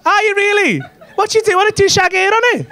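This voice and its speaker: High-voiced, sweary comic. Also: male voice, a little fast. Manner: loud, sweary, laughing banter with the front row. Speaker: stand-up comedian. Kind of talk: crowd work. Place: comedy club stage. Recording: live club recording with crowd noise. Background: laughing audience.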